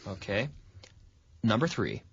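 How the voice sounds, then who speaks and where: A man hosting a radio English lesson, patiently quizzing a student and stressing words with lively intonation. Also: on the low side, slow pace, vocal fry, slightly rough, dry recording. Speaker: English teacher and radio host. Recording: dull, lo-fi sound.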